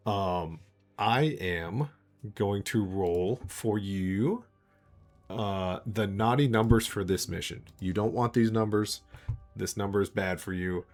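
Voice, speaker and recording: A man's voice: lowish voice, slow pace, soft background music. A man running a tabletop game as game master, rambling and laughing often.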